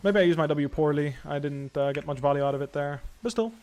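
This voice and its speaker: A young man giving live commentary while playing a video game, thinking aloud in a calm, analytical way. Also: fairly high pitch, fast, slight background noise. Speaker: pro gamer streaming.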